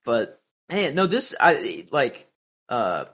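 A man chatting casually about a TV show, halting and searching for words with many "like"s. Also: mid-range voice, very animated, fairly bright tone. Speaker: podcast co-host. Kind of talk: casual TV recap chat.

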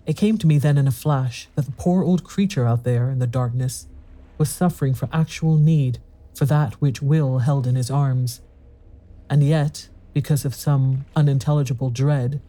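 A man narrating a classic horror story in a measured, steady storytelling manner. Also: mid-range voice.

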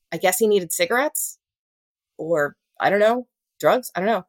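A woman telling her own story in an interview, earnest and halting, often restarting and acting out what was said. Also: medium pitch, lively intonation, dry recording. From Louisiana. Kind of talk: personal storytelling in a podcast interview.

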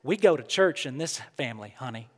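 A man doing a sweet Southern mom, soft and coaxing. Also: medium pitch, lively intonation, brisk, breathy edge, pitched below the performer's own voice. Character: sweet Southern mother calling her son to church. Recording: long hall reverb.

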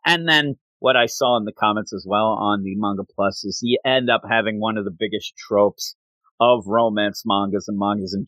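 Bright-voiced man recapping a manga chapter. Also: fairly low pitch, dry recording. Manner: rambling, acts out characters' lines in quick asides. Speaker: manga podcast co-host. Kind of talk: casual chat recapping a chapter.

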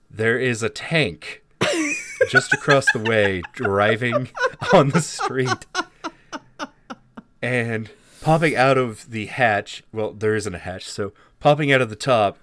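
A man narrating a tabletop horror game as game master, animated and laughing along. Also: mid-range voice, slight background noise.

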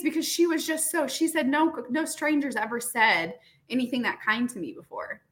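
A woman's voice: a little high, normal speed, hardly any pauses. A woman talking earnestly in a casual conversation, with lots of "like" and "you know". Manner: earnest, animated, many fillers.

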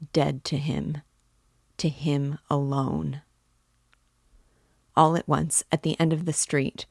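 A woman reading a classic novel aloud in measured, deliberate narration. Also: low-pitched, gravelly, a little mellow, no echo, studio quality. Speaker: book reading guide. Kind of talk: audiobook-style literary reading.

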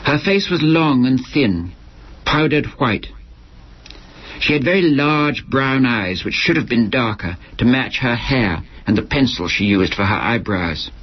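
A man reading aloud from his own book in a dry, measured storytelling manner. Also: mid-range voice, breathy edge. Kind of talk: literary reading. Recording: lo-fi archival recording with faint hiss.

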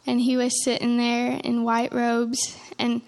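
A young woman telling an emotional church testimony, earnest and halting, with frequent restarts. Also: a little high, completely flat delivery, gravelly, darkish tone. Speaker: testimony speaker.

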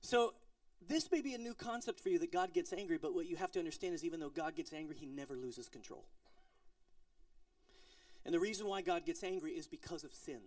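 A middle-aged pastor preaches to his congregation in a relaxed, conversational way. He jokes and tells family stories, then lowers his voice to near a whisper for his serious points. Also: a little fast. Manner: conversational, storytelling, playful asides, drops to soft intensity. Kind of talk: sermon. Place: church service in an office building.

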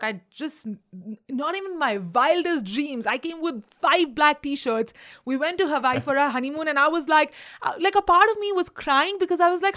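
Brief: animated Indian woman podcaster. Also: high-pitched. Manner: animated, emphatic, thinking aloud. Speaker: podcast co-host. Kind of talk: casual podcast chat.

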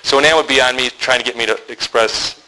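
A man's voice: mid-range voice, fairly even intonation, a little fast, bright, forceful tone, low-quality recording. A man speaking to a group of men in a sermon, a candid, joking storyteller who acts out the people he quotes. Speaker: men's ministry speaker.

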